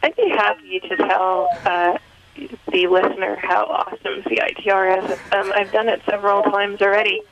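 Brief: woman caller on a tinny phone line, has a cold, earnest and hesitant, mid pitch. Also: level tone, moderate pace, heavy background noise. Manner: earnest, hesitant, many ums. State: cold, coughing. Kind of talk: casual phone call to a radio show. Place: Montreal.

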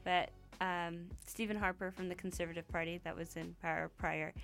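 A Canadian woman co-hosting a casual chat, telling stories in an animated way. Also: lowish voice, normal speed, creaky, soft background music.

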